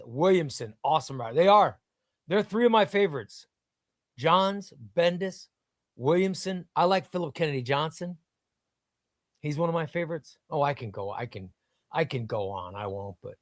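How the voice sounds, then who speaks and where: A man's voice: fairly high pitch, no echo, studio quality. A man hosting a live comics stream, chatting casually and enthusiastically while reading out viewer comments. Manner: enthusiastic, rambling, reads out chat. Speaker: host of a live comics show.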